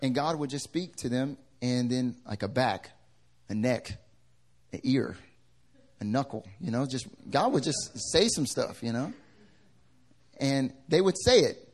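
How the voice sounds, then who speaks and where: A male pastor preaching a sermon in a lively way. He swings from loud to hushed and acts out the people in his stories. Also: medium pitch, a little slow, long pauses.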